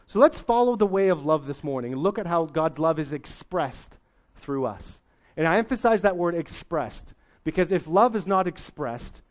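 Middle-aged man, pastor; sermon delivered chatty and folksy, voice sits a bit high. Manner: conversational, folksy preaching with idioms.

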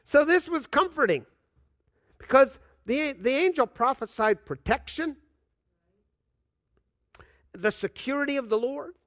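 An older man preaching a sermon as a pastor, swinging between loud and hushed delivery and acting out quoted dialogue. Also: very high-pitched, expressive, a little slow, long pauses, no room sound. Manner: acts out dialogue with God in quoted voices.

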